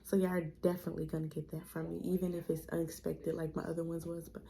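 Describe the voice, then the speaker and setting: A woman's voice: low-pitched, fast talker, gravelly, husky. A young adult woman, casually telling a personal story on her vlog and acting out the people she quotes. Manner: chatty, animated retelling with quoted voices, addresses viewers as y'all. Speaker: vlogger.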